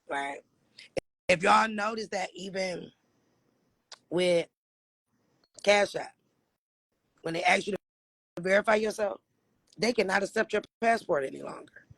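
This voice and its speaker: A man from Michigan chats on a livestream in a raspy voice that sits high for a man. He answers viewers' questions bluntly, swears freely and laughs often. The sound is dry and close, with no room around it. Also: unhurried, pauses often, fairly bright tone, dry recording. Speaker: livestream host.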